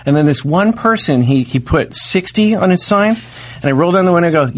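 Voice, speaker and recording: A man in casual comedic conversation, telling rambling, exaggerated stories in a deadpan way. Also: fairly high pitch, a little fast.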